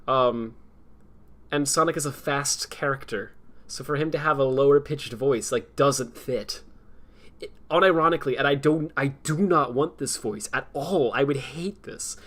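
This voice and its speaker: A young man talks loosely on a livestream, circling his points with fillers and frequent laughs. His voice sits at an ordinary middle pitch. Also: normal speed, a bit bright. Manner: rambling, laughs often, lots of fillers. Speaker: streamer. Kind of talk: casual chat.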